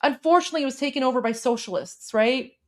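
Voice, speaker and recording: A woman hosting a casual livestream, gushing and excitable, repeating herself and calling viewers "guys". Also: high voice, fast talker. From Iran. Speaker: livestream host.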